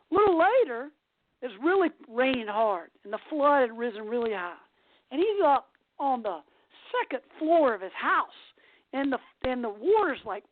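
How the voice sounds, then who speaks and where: A woman host with a voice that sits high tells a long story in a chatty, casual way, often restarting her sentences. The recording is a tinny, phone-like dry line with no room sound.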